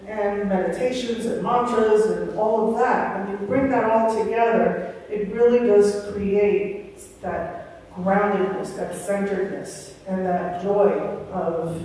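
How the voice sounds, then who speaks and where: A woman's voice: mid-range voice, fairly even intonation, slow pace, warm tone, distant mic, slight background noise. An older woman giving a rambling, chatty spiritual talk at a Sunday gathering, often acting out the voices she quotes. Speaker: guest speaker. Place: large hall of a spiritual center. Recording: echoey hall recorded from afar.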